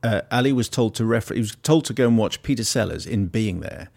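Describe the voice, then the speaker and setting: A man's voice: lowish voice, fast, vocal fry, a little mellow. A man hosting a radio film show, asking reflective questions of his guests. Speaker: radio host. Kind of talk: radio interview.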